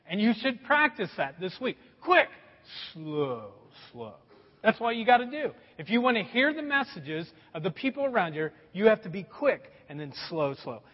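A man's voice: big-room sound, highs cut off. A middle-aged man preaching a sermon as a pastor, telling stories with a lot of swings in his voice. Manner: animated storytelling with a lot of pitch swings.

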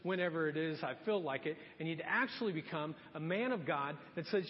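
A man's voice: a little high, brisk, hardly any pauses. A middle-aged man preaching a sermon, earnest and exhorting, repeating his key questions. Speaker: pastor. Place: church sanctuary. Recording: dull sound with long church reverb.

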